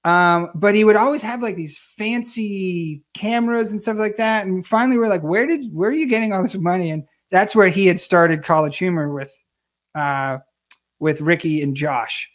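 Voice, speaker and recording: A man being interviewed, telling career stories in a casual, animated way and acting out what others said. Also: high voice, normal speed. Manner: animated storyteller, acts out quoted voices. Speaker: guest.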